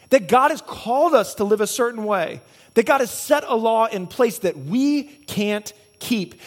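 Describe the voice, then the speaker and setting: A man preaching a sermon as a pastor, earnest and building his points through repeated cause-and-effect chains. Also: very high-pitched.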